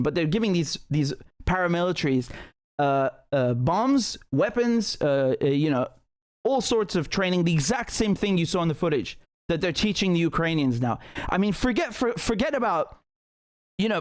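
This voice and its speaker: A man hosting a live stream, commenting on news footage in an indignant, emphatic way with frequent swearing. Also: a little high. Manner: many fillers and restarts while ranting.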